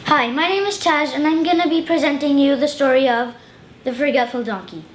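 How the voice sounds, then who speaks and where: Young woman, high-pitched, storyteller, echoey room, light background noise. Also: brisk. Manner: telling a fable, with hesitant self-corrections. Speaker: student storyteller. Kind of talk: storytelling to a class.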